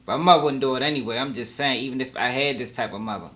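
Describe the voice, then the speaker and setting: A man's voice: mid-range voice, racing, few pauses, sharp tone. A man giving casual, slangy live reaction commentary, talking freely and laughing along. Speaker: reaction streamer.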